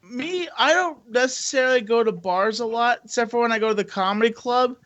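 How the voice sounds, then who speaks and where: High-voiced joking man. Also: brisk, a bit bright, highs cut off. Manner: joking, laughs along. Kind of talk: casual chat.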